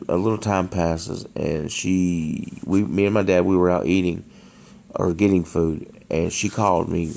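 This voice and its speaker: Low gravelly man telling a story. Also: darkish tone, a little hiss or hum. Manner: hesitant, many restarts and fillers. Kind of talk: casual spoken storytime. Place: dark room at home.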